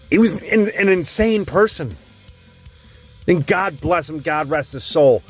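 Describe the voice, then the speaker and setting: Male host, middle pitch, foul-mouthed and rambling, delivering casual commentary over faint guitar. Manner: blunt, rambling, swears constantly. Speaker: tier list host.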